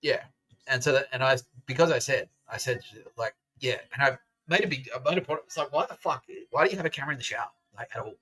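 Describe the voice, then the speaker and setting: A man's voice: medium pitch, fast, bright, forceful tone, rough recording. A man hosting a podcast, ranting casually with lots of swearing and sarcastic laughter. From Australia. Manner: profane, sarcastic, laughs through his words. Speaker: podcast host.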